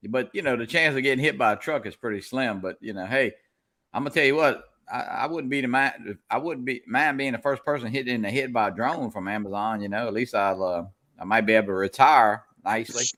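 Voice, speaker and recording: A middle-aged man with a Louisiana accent, hosting a casual chat and talking in halting, rambling runs. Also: mid-range voice, a bit bright. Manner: rambling, halting with many restarts. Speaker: host.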